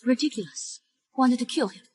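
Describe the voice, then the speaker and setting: Cold cartoon schemer, high-pitched, lecturing and scornful,. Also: female voice, moderate pace, a little mellow, slightly rough, low-quality recording. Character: cold, scheming woman in disguise.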